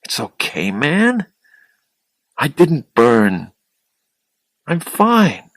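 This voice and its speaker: A man reading the lines of a tired younger man who speaks softly and hesitantly. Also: a little high, wildly swooping pitch, very slow, no room sound, pitched above the performer's own voice, full character voice. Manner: soft, hesitant.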